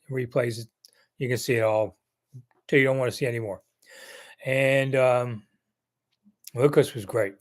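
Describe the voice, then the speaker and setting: A man in his sixties hosting a sports live chat, answering viewers in a rambling, chatty way with jokey asides. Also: mid-range voice. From Maryland area. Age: 60s. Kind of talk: casual live-stream chat.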